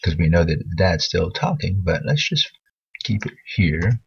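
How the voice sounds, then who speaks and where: Deep husky man teaching writing. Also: big pitch swings, normal speed, lo-fi sound. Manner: patient, thinking aloud while editing. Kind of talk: screen-recorded writing lesson.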